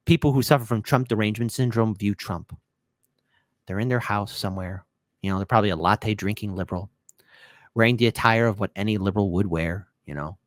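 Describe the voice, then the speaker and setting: A man hosting a political commentary livestream, sarcastic and mocking, swinging between shouts and hushed asides. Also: fairly low pitch, no room sound, studio quality.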